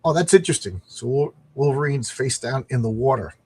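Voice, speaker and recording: Husky man rambling about comics. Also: mid-range voice, lively intonation, a little fast, darkish tone, no echo. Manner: rambling, chatty, reads panels aloud in voices. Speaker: comic book reviewer. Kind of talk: casual comic commentary.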